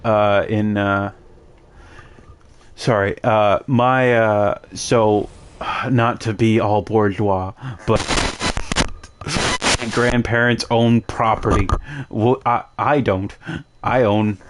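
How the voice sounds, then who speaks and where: A man's voice: lowish voice, steady tone, slow pace, long pauses, noisy background. A man streaming a game, chatting casually with many fillers and restarts. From Canada. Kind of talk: casual gaming chat.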